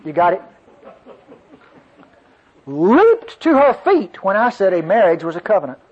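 Animated preacher man, husky. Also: high voice, unhurried, long pauses. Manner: folksy, animated preacher addressing congregation. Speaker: pastor. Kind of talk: sermon storytelling. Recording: dull lo-fi sermon recording.

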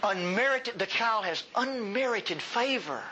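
A man's voice: sits high, animated, measured pace, sharp tone, highs cut off, a little hiss or hum. A male pastor preaching a sermon in a folksy, humorous and emphatic way.

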